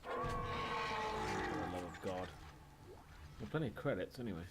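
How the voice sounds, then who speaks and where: A man's voice: low-pitched, expressive, measured pace, very noisy. A man with a British accent tinged with Welsh, chatting and swearing his way through a horror game on a live stream. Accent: British, slightly Welsh. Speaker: gaming streamer.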